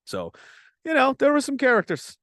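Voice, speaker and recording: A man's voice: extremely high pitch, huge pitch swings, moderate pace, fairly bright tone, dry recording, studio quality. A man hosting a casual podcast who tells stories in a rambling, profane way and laughs often. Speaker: host.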